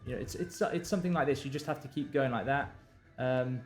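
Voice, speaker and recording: A man's voice: medium pitch, fairly quick, soft background music. A male novelist on a live stream, talking through his writing with many fillers and restarts and reading draft lines aloud. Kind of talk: thinking aloud while drafting.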